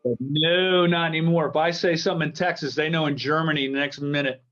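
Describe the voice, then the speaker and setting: A man's voice: fairly high pitch, fairly even intonation, fairly quick. A man in his sixties from the United States, a guitar company founder guesting on a video-call interview, talking in a jokey, rambling way that keeps restarting. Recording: dull lo-fi video-call audio.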